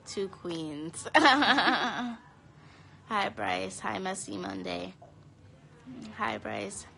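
A tired young woman chatting casually to viewers on a phone live stream from home, talking in a drowsy, low-energy way. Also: fairly even intonation, slow, creaky, slight background noise, poor audio. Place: home, indoors.

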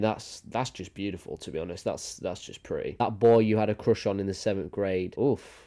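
A man's voice: low-pitched, moderate pace, hardly any pauses, dark tone. A young man giving a crude, rambling, sarcastic comedy reaction commentary. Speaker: YouTuber.

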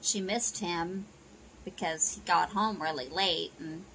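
Bright-voiced woman recapping a soap. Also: lowish voice, slow, a little hiss or hum, poor audio. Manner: chatty retelling with "you know" and "she goes". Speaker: soap opera recap narrator. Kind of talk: casual plot recap narration.

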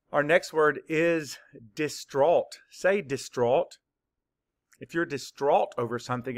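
A man teaching a spelling lesson to young children, dictating words slowly and clearly, sound by sound. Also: medium pitch, fairly bright tone. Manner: slow, clear word-by-word dictation.

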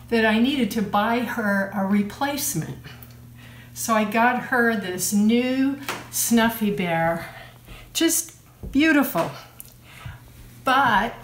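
A woman telling a short story to children to introduce communion, in a gentle, unhurried way. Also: a little high. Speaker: church communion leader. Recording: echoey room with faint hum.

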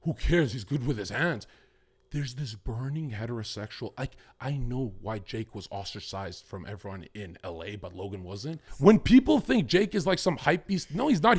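A man chatting as a podcast guest, excitable and boastful, swearing freely and jumping between topics. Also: medium pitch, moderate pace, breathy edge. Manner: profane and boastful. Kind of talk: casual podcast chat.

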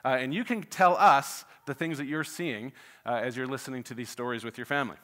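A man's voice: medium pitch, brisk, a bit bright. A man preaching to his church, folksy and chatty, with many filler uhs. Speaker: pastor. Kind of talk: sermon with a joke opener. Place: church sanctuary.

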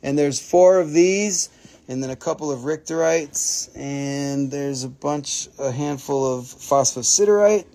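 An excitable man hosts a live crystal sales stream, gushing over each piece and swearing freely. His voice sits fairly high for a man. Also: measured pace.

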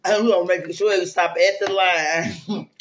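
A man with a somewhat high voice hosts a relaxed eating video. He chats between bites, hums over the food and laughs often. Faint noise sits under the voice. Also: takes it slowly. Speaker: mukbang host. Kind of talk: casual chat while eating.

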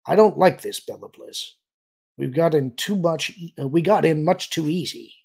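Gruff old starship captain, uneasy, urgent, husky, voiced by a man. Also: a little high, lively intonation, normal speed, darkish tone, voice pushed up, exaggerated voice. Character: gruff older male starship captain posing as an Imperial, uneasy.

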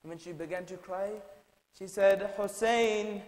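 A young man in his twenties, from the United Kingdom, giving an impassioned mourning sermon that swings from hushed to shouted and chanted lament. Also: sits high, steady tone, measured pace. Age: 20s. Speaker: lecturer. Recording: echoey hall with long reverb.

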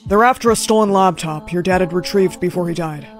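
A woman voicing a stern, protective male babysitter in a short POV skit, speaking low and steady to reassure the kids. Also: a little fast, faint music behind, close to an everyday voice. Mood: calm, serious. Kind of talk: TikTok POV skit acting.

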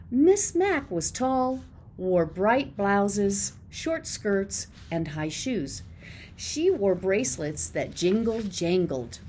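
A woman's voice: lowish voice, darkish tone, slight background noise. A woman teacher reading a children's chapter book aloud, expressively and with character voices.

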